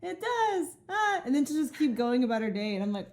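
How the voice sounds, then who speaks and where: A young woman in a casual group chat, relaxed and wry. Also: fairly high pitch, racing.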